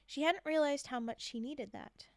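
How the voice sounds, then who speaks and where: Giggly high-voiced woman reading aloud. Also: normal speed, no room sound. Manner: giggly, chatty, breaks off to react to viewers. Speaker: streamer reading holiday stories. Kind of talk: casual read-aloud with chat asides.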